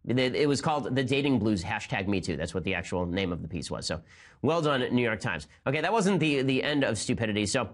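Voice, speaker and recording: A man in his thirties hosting a political commentary show, talking fast with sarcasm and disbelief. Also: lowish voice, very animated. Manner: rapid, incredulous, sarcastic. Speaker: host.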